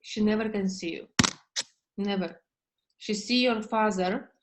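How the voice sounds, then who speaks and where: A woman therapist coaching a client in slow, halting English with many fillers. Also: mid-range voice, heavy background noise. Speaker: therapist leading a session.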